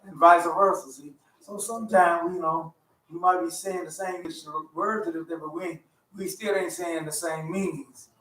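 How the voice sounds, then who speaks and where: A man's voice: fairly high pitch, steady tone, normal speed, fairly bright tone. A man teaching a Bible study in a folksy, conversational way, repeating himself as he explains. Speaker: teacher leading a Torah study. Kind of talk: informal sermon. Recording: roomy sound from a distant mic.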